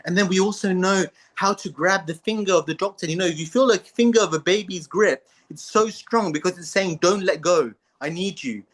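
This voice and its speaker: A man's voice: sits high, fairly quick, hardly any pauses, fairly bright tone. Playful man, talkative host. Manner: playful, acts out little voices in stories. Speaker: podcast host. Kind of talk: casual philosophical chat.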